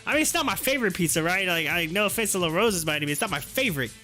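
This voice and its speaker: Brief: chatty male streamer, very high bright voice, faint music behind. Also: lively intonation, very fast. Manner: chatty, laughs often, frequent restarts. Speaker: live stream host. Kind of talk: casual chat, storytelling. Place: home.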